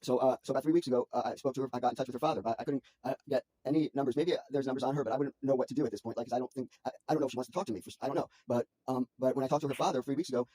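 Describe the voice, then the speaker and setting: A man talking to his mother on a phone call, rambling anxiously with halting restarts and repeated words. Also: mid-range voice, steady tone, warm tone. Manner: anxious, frantic storytelling.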